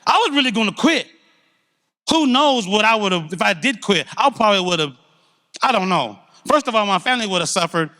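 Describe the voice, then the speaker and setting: At a church service, a middle-aged man gives a candid, conversational testimony, telling his story with animated feeling. His voice sits high and he speaks at a normal speed.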